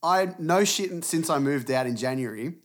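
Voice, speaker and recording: Animated young man telling stories. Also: fairly high pitch, moderate pace. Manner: animated storytelling, swearing, acting out his dad. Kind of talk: casual chat.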